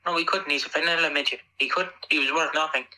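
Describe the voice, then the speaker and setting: A man co-hosting a podcast, ranting crudely and excitably in casual chat. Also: a little high, fast talker, low-quality recording. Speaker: podcast co-host.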